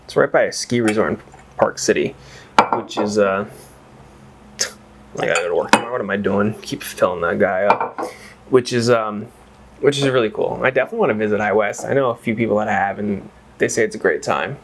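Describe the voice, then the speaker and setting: A man's voice: fairly low pitch, a little fast, background noise. A man reviewing whiskey in a casual, rambling chat that wanders off on tangents and is full of exclamations. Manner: exclaims and swears freely.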